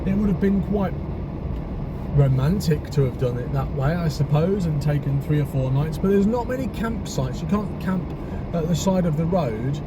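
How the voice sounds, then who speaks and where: A man's voice: a little high, lively intonation, normal speed. A man chatting casually in a travel vlog, musing aloud as he drives along a coastal road and stops at viewpoints. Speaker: travel vlogger. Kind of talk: casual vlog while driving. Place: in a car and outdoors on a coastal road. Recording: heavy road noise, mic distant.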